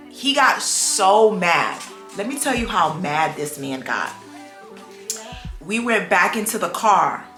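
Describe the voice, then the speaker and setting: A young adult woman, chatting casually on her vlog and acting out the people in her stories. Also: medium pitch. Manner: animated storytelling, acts out quoted voices. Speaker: vlogger. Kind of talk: casual chat. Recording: echoey room.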